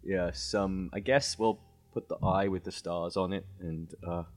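A man's voice: low-pitched, steady tone, a little slow, darkish tone, faint music behind. A man playing a tabletop game, chatting in a playful, giggly way. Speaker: player. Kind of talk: casual tabletop play.

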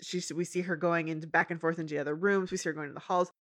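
A woman in her thirties, recapping a cartoon episode in casual chat and acting out the characters' lines. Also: very fast. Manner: animated, acts out characters' lines in a high voice. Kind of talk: casual chat, retelling with voiced quotes.

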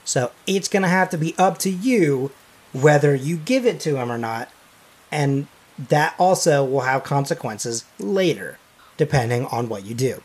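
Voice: mid-range voice, lively intonation, measured pace, slightly rough. Laughing, chatty tabletop game master. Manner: chatty, laughs often, thinks aloud.

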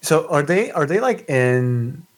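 A man's voice: on the high side, big pitch swings, slow pace, roomy sound, poor audio. A man playing a tabletop role-playing game, describing what his character does, rambling and saying "like" a lot. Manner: rambling, heavy use of "like". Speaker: player.

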